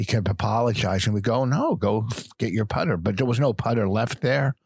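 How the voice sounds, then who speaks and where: A man co-hosting a podcast, spinning rambling anecdotes and ribbing his wife in a deadpan way. His voice is low-pitched. The recording is dry and close, with no room around it. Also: fast, few pauses, breathy edge, dry recording. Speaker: podcast co-host. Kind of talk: casual banter and storytelling.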